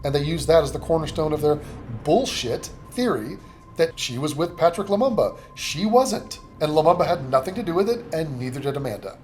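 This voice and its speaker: A man making heated reaction commentary, sarcastic and profane, with rapid-fire rhetorical questions. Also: on the high side, lively intonation, a little mellow, soft background music. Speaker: commentary YouTuber.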